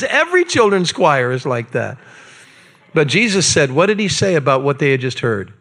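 A man preaching a sermon as pastor, animated and acting out quoted voices. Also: normal speed. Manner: animated, acts out quotes with raised pitch.

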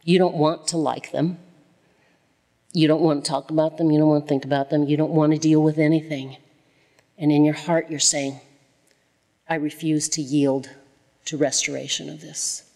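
Low-voiced woman teaching in a hall. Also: little pitch movement, normal speed, mellow. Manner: conversational, repeats phrases for emphasis. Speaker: Bible study teacher. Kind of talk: Bible study teaching. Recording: long reverb, as in a hall.

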